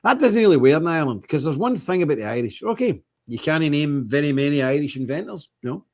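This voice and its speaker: A man's voice: a little high, very animated, fast, darkish tone. A man hosting a livestream, talking in a blunt, emphatic, repetitive way. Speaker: streamer host. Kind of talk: casual livestream monologue.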